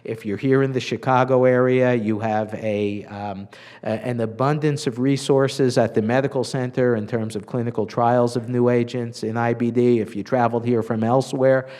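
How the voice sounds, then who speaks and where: A physician giving a conference lecture to clinicians, measured and earnest, with frequent filler sounds. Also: male voice, mid-range voice, fairly even intonation, a little mellow.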